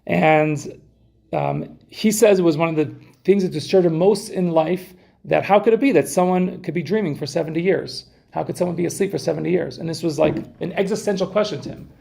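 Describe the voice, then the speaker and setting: A man's slightly high, gravelly, dark voice moves a little fast as he gives a casual Torah talk. He chats with the group, quizzes his listeners and often starts over mid-sentence.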